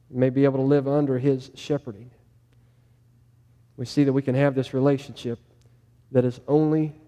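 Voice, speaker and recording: A man preaching a sermon to his congregation, telling a story and slowing down on the key points. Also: fairly high pitch, mellow, big-room sound. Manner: storytelling, slows down for emphasis. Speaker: pastor.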